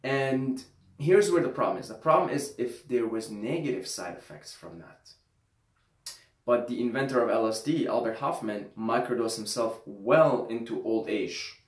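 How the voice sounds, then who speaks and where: A man at a middle pitch speaks loosely to his viewers, leaning hard on certain words and repeating himself for effect. He swears casually now and then. The room around him gives the voice a noticeable echo. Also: normal speed. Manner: loose, emphatic, swears freely, repeats phrases. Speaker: vlogger. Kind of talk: casual monologue to camera. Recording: roomy echo.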